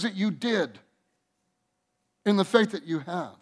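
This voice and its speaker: Male pastor preaching to his church, earnest, kinda high voice, trails off soft a lot. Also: expressive, measured pace, long pauses. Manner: earnest, with repeated restarts and soft drops in volume. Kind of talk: sermon. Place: church sanctuary.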